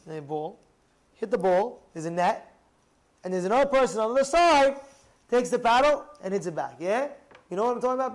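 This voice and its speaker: Animated high-voiced man teaching. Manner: animated, asks the listener rhetorical questions, raises voice to a shout for emphasis. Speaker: rabbi. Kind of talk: storytelling talk on marriage.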